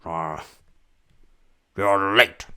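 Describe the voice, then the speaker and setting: A man's voice: low-pitched, drawn-out words, bright, forceful tone, smooth, exaggerated voice. A man doing a comic impression of a foul-mouthed, cranky old actor in a wheelchair.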